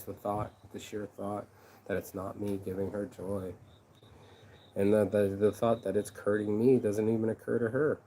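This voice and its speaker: A man with a low, mellow voice vents in a loose, aggrieved monologue for his vlog. He swears often, repeats himself and restarts his sentences. The tone stays dark and unpolished throughout. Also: gravelly, slight background noise, rough recording. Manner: profane, rambling, aggrieved. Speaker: vlogger and shirt designer. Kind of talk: casual venting monologue.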